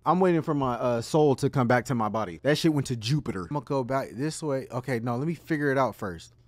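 A man giving excitable, profane let's-play commentary as he plays a game, yelping and shouting when startled. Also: medium pitch, fast, dry recording. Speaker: gaming video host.

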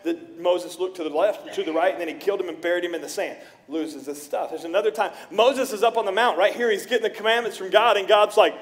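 In a church sanctuary, a middle-aged male pastor with a fairly high voice delivers a sermon a little fast, with few pauses. He tells stories animatedly, acting out the people he quotes.

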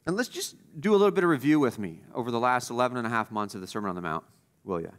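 A man preaching a sermon as the pastor, emphatic, repeating key phrases and swinging between loud stresses and quiet asides. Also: mid-range voice, lively intonation, racing.

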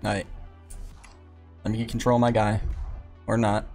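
Gravelly young male gaming streamer. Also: on the low side, little pitch movement, moderate pace, darkish tone, soft background music. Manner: slangy and laid-back, talks back to the game. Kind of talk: casual gameplay commentary.

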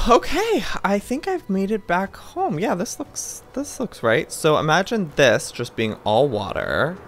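A man giving lively, theatrical gameplay commentary as a channel host, talking to the game's creatures with mock outrage. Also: medium pitch. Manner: animated, theatrical, talks to game mobs with mock outrage.

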